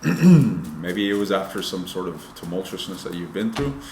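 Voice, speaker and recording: 男性塔罗占卜师，声音偏低，房间有回声. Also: male voice, low voice, animated, normal speed, darkish tone, roomy sound, a little hiss or hum. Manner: loose, profane, talks straight to viewers. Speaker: tarot reader. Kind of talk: casual tarot reading.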